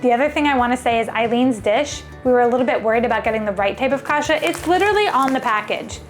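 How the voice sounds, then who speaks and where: A woman's voice: fairly high pitch, animated, quick pace, faint music behind. A woman hosting a casual cooking vlog, chatting enthusiastically as she cooks in her home kitchen. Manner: chatty and enthusiastic, thinks aloud while cooking. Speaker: cooking video host.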